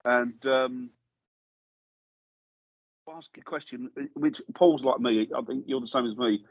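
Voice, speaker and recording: A husky-voiced man is a guest in a studio, telling a story in a relaxed, conversational way. He acts out the voices of the people he quotes. The sound is close and dry, with a slightly dull edge. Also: mid-range voice, measured pace, dry recording. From England. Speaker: guest paranormal investigator. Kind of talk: casual storytelling anecdote.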